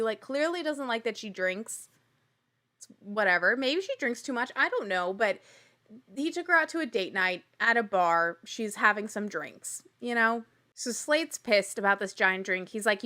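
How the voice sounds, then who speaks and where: A young adult woman hosting a casual rewatch recap, animated and sarcastic, laughing often and acting out quotes. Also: on the high side. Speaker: podcast host recapping a reality show.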